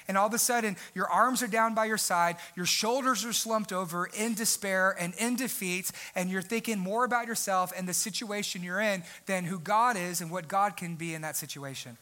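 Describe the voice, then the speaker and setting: A man's voice: sits high, moderate pace, few pauses. A man in his thirties preaching a sermon as pastor in a church sanctuary, building to fervent prayer while a band plays. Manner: preaching over live worship music, rising to fervent prayer. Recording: loud live band music behind voice. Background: band playing.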